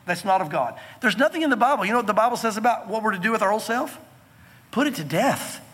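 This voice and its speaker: Man, pastor, sermon, very high voice, emphatic, church with long reverb. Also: expressive, fairly bright tone, breathy edge. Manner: earnest, emphatic preaching with slow stressed phrases.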